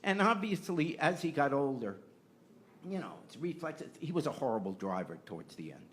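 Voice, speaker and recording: A man's voice: fairly high pitch, big pitch swings, moderate pace, fairly bright tone. An older man, a podcast host, telling a personal family story and growing impassioned as he argues his point. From United States. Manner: earnest, rising to impassioned.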